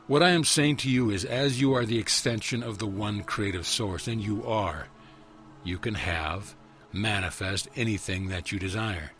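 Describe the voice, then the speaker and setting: A man with a deep, low voice leads a guided meditation. He talks in a slow, measured, soothing way and keeps asking gentle, repeated questions. Soft music plays faintly behind him. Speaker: spiritual teacher.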